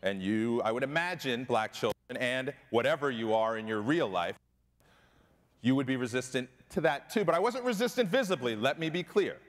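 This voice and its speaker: A man's voice: mid-range voice, lively intonation, moderate pace. A middle-aged man giving a keynote talk, telling a personal story with emphasis and often asking the audience "right?". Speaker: keynote speaker. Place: large conference hall. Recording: long hall reverb.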